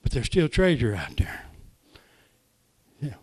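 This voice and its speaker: An older man preaching, telling folksy stories that swing from soft asides to loud exclamations. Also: medium pitch, wildly swooping pitch, slow, slightly rough. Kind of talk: sermon testimony.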